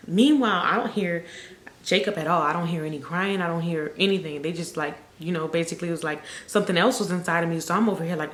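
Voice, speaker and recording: Lively woman telling a birth story. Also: on the low side, quick pace, reverberant. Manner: animated storyteller, acts out quotes. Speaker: vlogger. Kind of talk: casual storytime. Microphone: camera mic.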